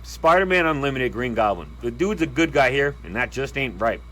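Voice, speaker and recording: A man delivering ranking commentary in an animated, exasperated ranting manner. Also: mid-range voice, fairly quick. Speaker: video commentator.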